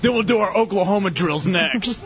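A radio host playing an awkward young male ex-football player with a low bro drawl, in an improvised sketch. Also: normal speed, fairly bright tone. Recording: lo-fi radio studio with faint music.

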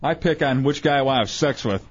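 A man co-hosts a radio show, giving football answers in a dry, easygoing way. His voice is mid-pitched, and the recording sounds dull and lo-fi. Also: quick pace, husky. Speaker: radio co-host. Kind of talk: casual radio banter.

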